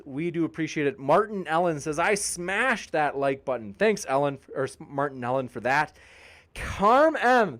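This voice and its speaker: A man hosting a debate channel, reading live chat shoutouts with jokey, playful banter and growing tired. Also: a little high. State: tiring, sipping water.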